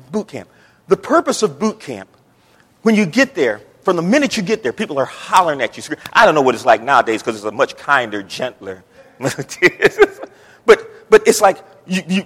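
A middle-aged man preaching a sermon in a church, emphatic and repetitive, building up to shouting. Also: on the high side, breathy edge. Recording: long church reverb.

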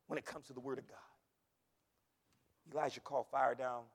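A male pastor preaching a sermon, swinging from hushed asides to shouted calls. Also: medium pitch, flat delivery, normal speed, creaky, pauses often, big-room sound.

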